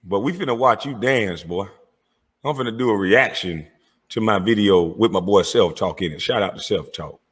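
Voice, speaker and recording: Man, husky voice, furious profane rant, confrontational call-out. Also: lowish voice, normal speed, fairly bright tone. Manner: confrontational, cursing, calling out rivals. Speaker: online commentator.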